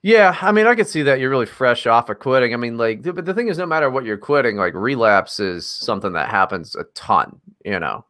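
A man's voice: medium pitch, big pitch swings, fairly quick, few pauses, fairly bright tone. A man co-hosting a casual podcast, joking sarcastically and swearing a lot. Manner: sarcastic, profane, jokey. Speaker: podcast co-host. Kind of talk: casual comedic podcast chat.

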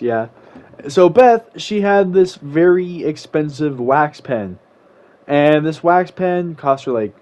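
A man's voice: on the high side, dark tone. Slangy young man telling a story. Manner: slangy, rambling, with sudden exasperated outbursts. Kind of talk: casual story time. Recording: slightly muffled lo-fi recording.

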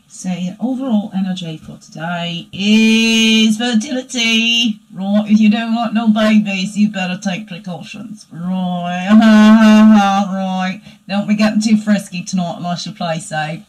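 A woman voicing her own playful alter-ego dark side, giving a rambling, chatty spiritual reading that keeps asking "right?". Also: mid-range voice, close to an everyday voice, poor audio. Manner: rambling and chatty, tagging "right?" onto lines. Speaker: spiritual reader. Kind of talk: spiritual daily energy reading.

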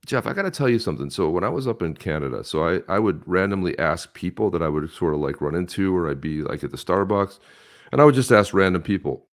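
A man's voice: sits low, expressive, fast talker. A man co-hosting a casual talk show, telling stories in a rambling way with many restarts. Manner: jumps between voices for quoted people. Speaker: co-host. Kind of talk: casual chat.

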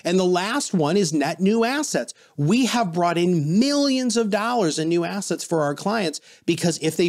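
A man with a slightly high voice tells stories on a podcast as a guest. He is animated and acts out the people he quotes. His talk stays casual and conversational throughout. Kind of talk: casual interview storytelling.

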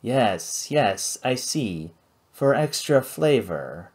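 A man voicing a flamboyant, excitable male ship's chef with a grand, theatrical manner. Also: mid-range voice, extremely slow, full character voice. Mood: hushed.

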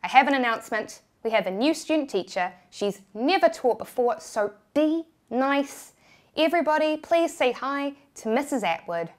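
A woman with a New Zealand accent voicing an impatient teacher loudly quieting a class. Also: sits high, animated, normal speed. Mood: exasperated. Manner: loud, exasperated. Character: impatient schoolteacher hushing a class.

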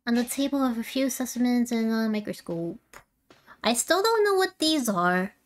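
A woman's voice: fairly high pitch, expressive, moderate pace. A woman streaming a video game, chatting in a giggly way and thinking aloud as she plays. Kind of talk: casual let's-play commentary.

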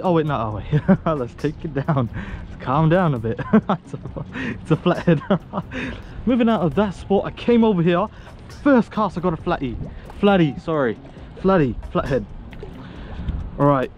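A young man from Australia, vlogging casually while fishing outdoors on a sea wall, excitable and slangy, laughing often. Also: fairly high pitch, normal speed, soft background music. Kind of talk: casual outdoor vlog commentary.

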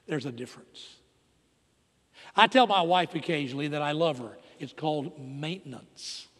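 A middle-aged man preaching a sermon as a pastor, moving between hushed, intimate lines and loud, emphatic preaching. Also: fairly high pitch, expressive, moderate pace. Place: church sanctuary. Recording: long reverb of a church hall.

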